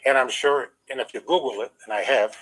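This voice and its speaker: Older man, interview guest, emphatic, aggrieved, steady mid pitch. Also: brisk, low-quality recording. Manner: emphatic, aggrieved, holds back emotion. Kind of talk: storytelling in an interview.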